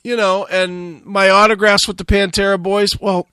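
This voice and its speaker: A man's voice: high voice, little pitch movement, normal speed, pushed and bright, clean tone, dry recording, clean studio sound. A man hosting a radio talk show, telling a long profane story and acting out the quotes. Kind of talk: casual storytelling.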